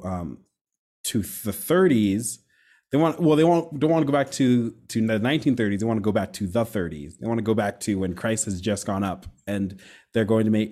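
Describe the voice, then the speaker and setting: Animated man chatting about faith. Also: medium pitch. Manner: animated, quick asides and self-corrections. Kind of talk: casual conversation on faith.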